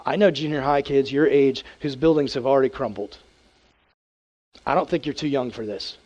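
A man, a youth pastor, preaching a casual, animated sermon to teens and acting out prayers in a hushed voice. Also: medium pitch, moderate pace.

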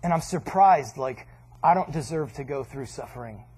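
A man's voice: mid-range voice, expressive, normal speed, a little mellow, breathy edge. A man preaching a casual sermon, conversational and joking, often quoting people in voices. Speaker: pastor.

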